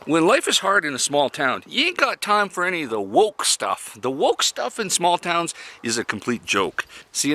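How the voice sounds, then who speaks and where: A man's voice: fairly high pitch, bright, forceful tone. A man in his fifties from Canada, talking casually and bluntly in a folksy, opinionated monologue and chuckling at his own jokes. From Canada (Yukon). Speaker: vlogger living in an RV.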